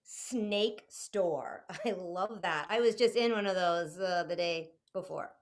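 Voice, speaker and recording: A woman's voice: on the low side, slow. A woman hosting and refereeing a live improv comedy match with playful announcements. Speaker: referee host.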